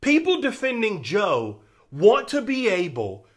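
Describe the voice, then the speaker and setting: A man's voice: high-pitched, huge pitch swings, a little slow. A man speaking straight to his viewers in an earnest, emphatic commentary, often calling them y'all. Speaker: online commentator. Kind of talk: direct-to-camera commentary.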